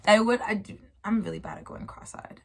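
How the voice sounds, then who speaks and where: Gravelly-voiced woman in a rambling chat. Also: medium pitch, brisk. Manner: rambling, playful, warmly encouraging, slangy. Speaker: host. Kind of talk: casual solo chat about spirituality.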